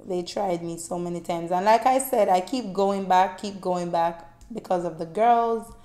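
A woman's voice: fairly low pitch, moderate pace. Chatty woman in a roomy space. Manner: chatty, heartfelt, drifting between loud bursts and soft tones. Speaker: vlogger. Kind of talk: casual storytelling to camera. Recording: roomy echo, faint music.

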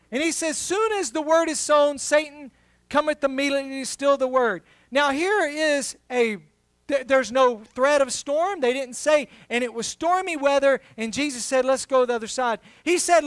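Pastor, middle-aged man, high voice, close dry mic; jokes, then preaches hard. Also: a bit bright, no echo. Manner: humorous storytelling, rising to emphatic preaching. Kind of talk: sermon.

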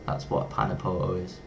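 Easygoing male vlogger, slightly low voice, playful and self-mocking delivery. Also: gravelly, background noise. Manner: playful, chatty, fumbles pronunciations and laughs at himself. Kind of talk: casual talk to camera.

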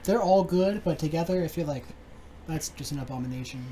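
A man who is a guest in a casual chat, joking and tossing off quick banter. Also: fairly high pitch, warm tone, a little hiss or hum, rough recording.

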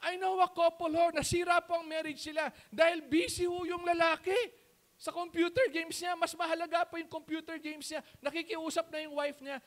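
A man's voice: very high-pitched, steady tone, brisk, a bit bright. A man with a Filipino accent, a pastor preaching a sermon in Taglish, firing rhetorical questions and answering them himself.

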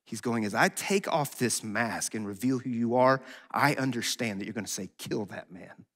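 A man pastor preaching a sermon in a conversational, animated way, acting out quotes as he goes. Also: medium pitch, moderate pace. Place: church sanctuary. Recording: long hall reverb.

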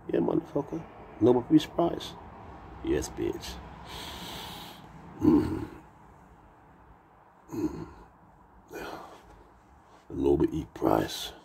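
A man's voice: extremely low pitch, slow, creaky, pauses often, dark tone, a little hiss or hum. A Jamaican man in his sixties, telling rambling, profane, boastful stories in a casual live-stream chat. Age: 60s.

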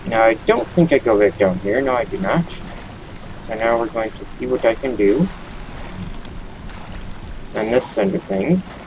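A man's voice: on the low side, background noise. A man hosting a casual let's-play, rambling and joking as he plays, swearing now and then at the game. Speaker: gaming channel host.

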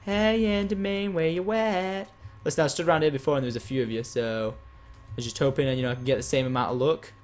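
Streaming a game live, a man gives excitable commentary while chatting with and thanking his viewers. His mid-range voice races along very fast with few pauses.

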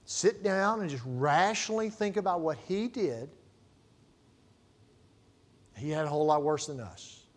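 A middle-aged male pastor preaching a sermon, telling stories and swinging between loud emphasis and quiet asides. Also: on the high side.

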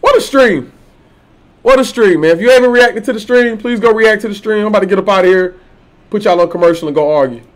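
A man's voice: high-pitched, quick pace. A man live-streaming a video game, talking loosely in slang and trash-talking other players. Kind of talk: casual live-stream chat.

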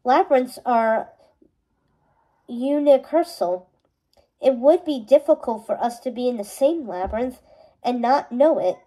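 A focused, clever young princess, high and soft-toned, read by a woman. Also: animated, a little slow, pauses often. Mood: earnest. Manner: focused, explaining.

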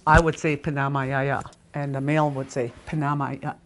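A woman teaching a language class in a casual, chatty way, repeating words slowly with plenty of fillers. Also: a bass voice, little pitch movement.

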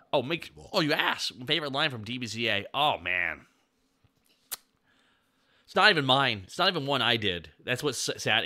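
A man's voice: mid-range voice, bright, forceful tone. A man streaming, chatting casually and laid-back with his viewers, swearing freely.

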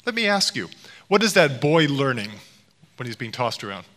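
A man's voice: medium pitch, sing-song, moderate pace, fairly bright tone. A middle-aged man giving a public lecture, telling stories with playful voice impressions. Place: lecture hall. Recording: long hall reverb.

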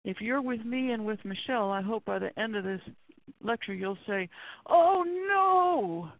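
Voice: mid-range voice, steady tone, fairly quick, creaky, no echo. A forensic pathologist giving a webinar lecture in an earnest, blunt and emphatic way. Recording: dull lo-fi webinar audio.

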